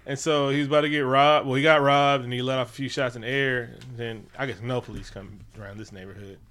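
A man co-hosting a casual chat, recapping a movie scene by scene in a profane, animated way and acting out the characters. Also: mid-range voice, quick pace. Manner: animated, profane, acts out characters while retelling. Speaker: podcast co-host.

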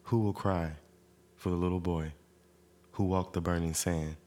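A man playing a troubled young man, deep and earnest. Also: fairly even intonation, normal speed, darkish tone, natural voice. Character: troubled young man reading his poem.

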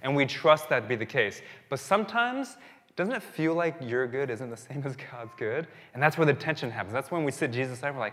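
A man's voice: mid-range voice, animated, fairly quick. Man preaching in a reverberant church. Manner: conversational, warm-hearted storytelling with restarts. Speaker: pastor. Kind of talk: sermon. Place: church sanctuary. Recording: long hall reverb.

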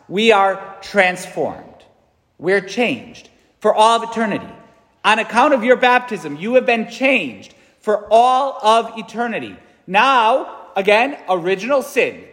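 A man's voice: high voice, a bit bright. A man in his thirties, a priest giving a conversational, earnest sermon in a large church, often checking in with "right?". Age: 30s. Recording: long church reverb.

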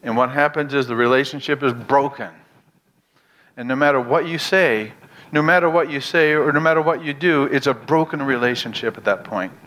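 Preacher with sweeping dramatic delivery. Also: male voice, moderate pace. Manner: dramatic storytelling, swings between hushed low lines and raised outbursts; asks the audience direct questions. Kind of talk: sermon.

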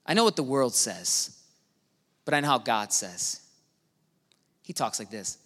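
A man preaching a sermon as pastor, animated, swinging from hushed to shouting. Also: mid-range voice, measured pace, long pauses. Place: church auditorium. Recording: reverberant hall with music behind.

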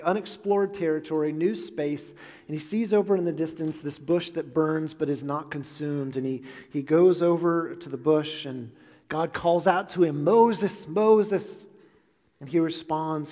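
A man's voice: a little high, darkish tone, long reverb tail. A man in his thirties preaching a sermon as a pastor, telling a personal story earnestly with touches of self-deprecating humor, in a church sanctuary.

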